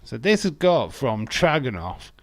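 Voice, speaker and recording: Here the man from England has a mid-range, sing-song, creaky voice and takes his time, with no echo. He's casually hosting a live wrestling watch-along, joking around and reading viewers' messages aloud to answer them.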